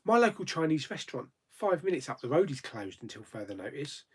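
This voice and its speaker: A man's voice: a little high, very animated, a little fast, breathy edge. A man hosting a casual live chat, reading viewer comments aloud and answering them with frequent laughs. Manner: chatty, laughs often, reads comments aloud then answers. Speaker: YouTube host.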